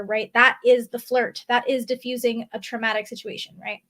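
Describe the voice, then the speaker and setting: A woman vlogger talking casually to camera from her desk, often checking in with a quick "right?". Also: a little high, fairly bright tone. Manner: chatty, often tags on "right?". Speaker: spiritual vlogger. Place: indoors at a desk.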